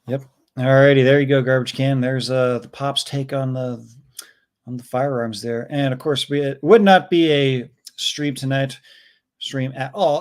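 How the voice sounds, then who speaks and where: A man's voice: medium pitch, fairly even intonation, normal speed. A man hosting a casual livestream, reading viewer chat messages aloud and reacting with chuckles. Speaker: livestream host reading chats. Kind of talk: casual live-stream chat.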